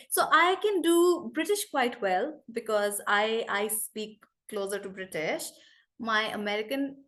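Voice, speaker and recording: A woman teaching English in an online class over a video call, brisk and chatty, calling on students by name. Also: a little high, fairly bright tone.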